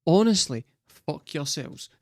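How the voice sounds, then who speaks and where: A man's voice: on the high side, expressive, takes it slowly, noisy background. A Scottish man hosting a music reaction, joking crudely and swearing as he comments. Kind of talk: casual commentary.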